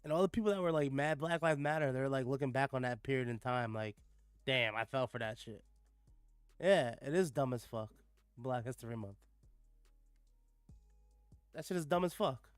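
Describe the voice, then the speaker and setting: A man's voice: medium pitch, moderate pace, long pauses, clean tone, no room sound, studio quality, soft background music. A man giving casual reaction commentary, sarcastic and profane, filling his talk with "like" and "bro.". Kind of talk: casual reaction commentary with read-aloud passages.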